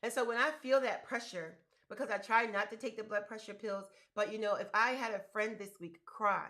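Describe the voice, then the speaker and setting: A woman's voice: medium pitch, fairly even intonation, fairly quick, a bit bright. A woman in her fifties hosting a casual livestream for viewers, talking emphatically and repeating her key words. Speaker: business coach and livestream host.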